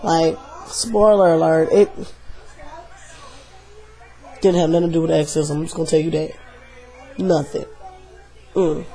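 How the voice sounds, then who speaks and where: A woman talks through a horror film in a casual video review. Her delivery is animated and slangy, with emphatic punches on key words and a loose, chatty flow. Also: low voice, normal speed, faint music behind. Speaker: movie reviewer.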